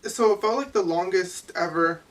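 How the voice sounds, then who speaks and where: A young adult woman giving personal testimony as an interviewee, halting and full of "like" fillers. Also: lowish voice. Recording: distant mic with faint ambience.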